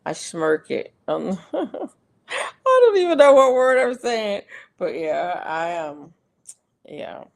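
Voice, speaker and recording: A middle-aged woman hosts a casual livestream, chatting and laughing a lot as she reads viewers' comments out loud. Her medium-pitched voice is sing-song and creaky, and she speaks slowly with frequent pauses.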